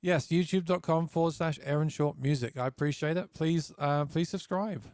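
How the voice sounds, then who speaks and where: A man's voice: fairly high pitch, moderate pace, a little mellow, no echo, studio quality. A man from England, a musician guest, chatting casually on a video stream and often repeating words as he restarts sentences.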